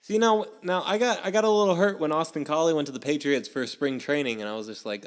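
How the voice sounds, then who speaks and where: A man's voice: fairly high pitch, fast, hardly any pauses, clear, resonant tone. A young man hosting a casual sports podcast, telling stories with a lot of energy and acting out his own past reactions. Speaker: podcast host.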